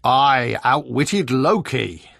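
A man voicing a huge, boastful male frost giant, booming and slow in a storybook reading. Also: animated, no echo, studio quality.

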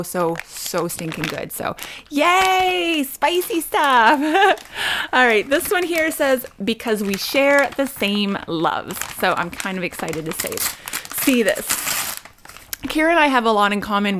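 A woman in her thirties from Canada, chatting through a home unboxing vlog, bubbly and quick to squeal and laugh. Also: a little high, noisy background. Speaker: vlogger. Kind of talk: unboxing vlog, casual chat.

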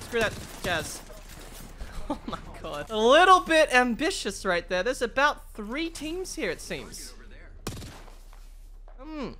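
Lively, excitable woman gaming commentator. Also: a little high, takes it slowly, pauses often. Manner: excitable, swears often, playful in-character boasting. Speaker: gaming video creator. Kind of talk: live gameplay commentary.

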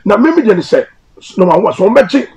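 Raspy, animated man talking fast. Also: high-pitched, poor audio. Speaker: pastor. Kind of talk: casual interview talk.

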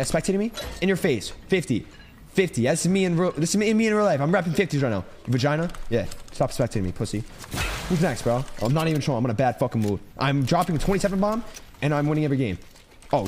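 A young man streaming gameplay, brash and taunting, swearing constantly as he narrates his fights. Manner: brash, taunting, swears constantly, swings between loud and low. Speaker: gaming streamer. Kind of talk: trash-talking live gameplay commentary. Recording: noisy stream audio with gunfire.

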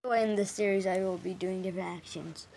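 A woman's voice: medium pitch, steady tone, a little fast, gravelly, background noise. A woman vlogger in casual chat, rambling with fillers and self-corrections. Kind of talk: casual home video chat.

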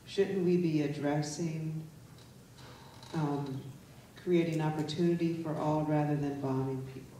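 A moderator reading audience questions aloud, hesitant and pausing on frequent ums. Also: mid-range voice, steady tone, warm tone. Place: large lecture hall. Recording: echoey hall, distant mic, faint noise.

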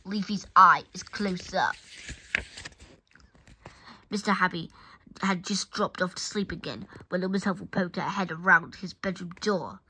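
A woman reading a children's picture book aloud, expressive and talking straight to the listener. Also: fairly low pitch, moderate pace, slight background noise. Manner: expressive, addresses the listener directly. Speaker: storybook reader.

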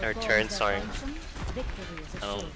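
A man bantering over voice chat and calling out plays to his teammates. His pitch is average. Game music plays clearly behind him. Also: big pitch swings, slow.

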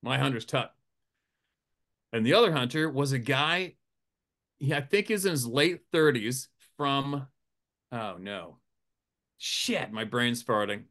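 A man who works as a hunting guide, telling a profane, animated campfire story, laughing often and acting out the quotes in a raised voice. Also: mid-range voice, slow, long pauses. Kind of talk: casual storytelling. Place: campfire outdoors.

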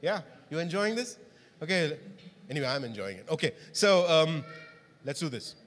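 A man delivers a sermon in a church, his voice sitting a little high for a man. He keeps turning to the congregation with questions. The sound rings with a long hall reverb. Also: very animated, normal speed, a bit bright, a little hiss or hum. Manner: interactive, asks the congregation questions. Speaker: pastor.

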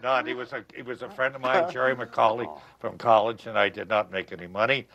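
A man's voice: mid-range voice, steady tone, brisk, creaky, lo-fi sound. An older man laughing and defending himself in friendly banter.

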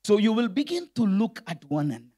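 A man's voice: high-pitched, very animated, fast talker, warm tone. A man, a church elder, preaching a storytelling sermon and putting direct questions to the congregation.

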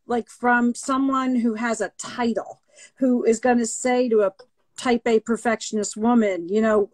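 A woman hosts a conversational interview over a video call. Her voice sits fairly high, and she stays engaged, stepping in with clarifying questions. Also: moderate pace, darkish tone, low-quality recording.

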